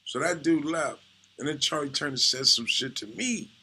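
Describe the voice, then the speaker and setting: A man's voice: on the high side, normal speed, vocal fry, pushed and bright, slightly rough. A man, a comedian, telling a profane, laid-back story full of "you know"s. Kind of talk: casual storytelling.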